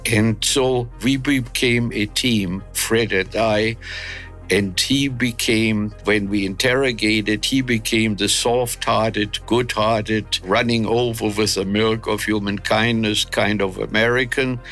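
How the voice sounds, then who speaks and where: A man in his nineties from Germany, recounting wartime memories in an interview, unhurried and reflective with frequent hesitations. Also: on the low side, fairly even intonation, a bit bright, soft background music. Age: 90s. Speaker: interviewee, war veteran.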